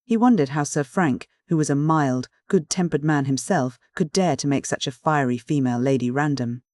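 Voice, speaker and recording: An audiobook narrator giving a measured, even reading of a classic mystery. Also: medium pitch, no echo.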